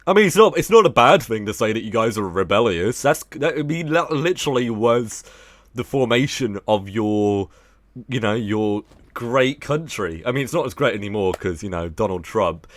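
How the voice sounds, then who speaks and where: A man's voice: lowish voice, expressive, normal speed, no room sound, clean studio sound. A young man with an English accent chatting casually with viewers on his livestream, rambling, joking and swearing often. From England. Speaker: livestream host.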